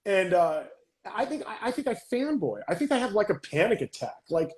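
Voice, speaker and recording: A man hosting a casual interview podcast, excitable and gushing, often restarting his questions mid-sentence. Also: sits high, brisk, echoey room. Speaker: podcast host.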